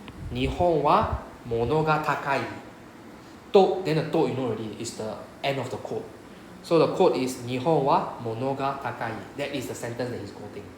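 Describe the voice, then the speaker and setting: A man's voice: medium pitch, fairly quick, roomy sound, slight background noise, rough recording. A man with a Singaporean English accent, teaching a Japanese class and explaining patiently, often checking with "right?". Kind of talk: classroom lecture.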